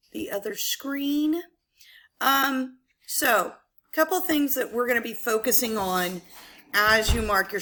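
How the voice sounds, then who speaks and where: A woman's voice: on the high side, fairly bright tone. A woman English teacher giving a recorded lesson, explaining patiently with frequent ums.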